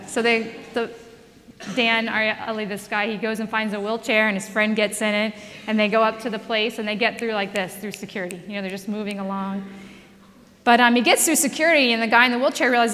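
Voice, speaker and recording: A woman giving a conversational sermon, telling a story in a lively way and laughing along as she goes. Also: a little high, a little fast, in a large hall. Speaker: speaker.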